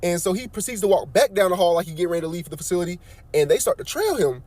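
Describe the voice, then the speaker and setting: A man telling a workplace story in a casual, slangy way, jumping his voice up high when he quotes himself. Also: very fast, no room sound. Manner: animated slangy storyteller, voice jumps up for quoted lines. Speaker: nursing aide on night shift.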